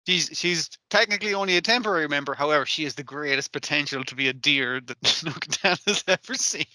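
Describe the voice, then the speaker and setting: Bright-voiced, profane male podcast host. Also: fairly high pitch, no echo. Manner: profane, animated, acts out characters in quick asides. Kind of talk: casual chat recapping an anime.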